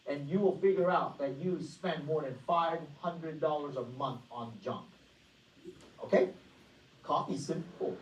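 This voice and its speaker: Energetic woman presenting in an echoey room. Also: lowish voice. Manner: energetic, rhetorical questions to the audience. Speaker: financial workshop presenter. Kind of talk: motivational presentation. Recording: echoey room, voice far from mic.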